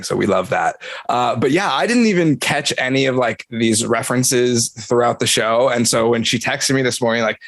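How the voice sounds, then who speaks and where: A man's voice: medium pitch, creaky, no echo. A man hosting a fan podcast, talking in an easygoing, rambling way with lots of restarts. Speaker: podcast host. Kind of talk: casual pop-culture review chat.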